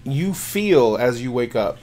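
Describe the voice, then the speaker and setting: A man's voice: mid-range voice, sing-song, slow, a little mellow. A man running a tabletop game as game master, narrating loosely with many fillers and restarts.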